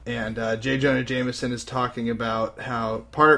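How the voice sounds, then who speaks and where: A young man casually retelling a comic book story on a podcast, animated and slipping into character voices. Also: mid-range voice, normal speed, vocal fry, hardly any pauses. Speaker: podcast host recapping a comic. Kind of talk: casual chat.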